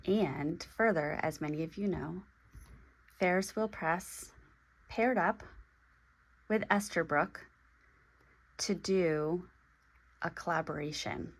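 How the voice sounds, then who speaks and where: A woman in her forties talking through an unboxing vlog, halting and hesitant, with many pauses and restarts. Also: lowish voice. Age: 40s. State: emotional, getting teary. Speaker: stationery vlogger.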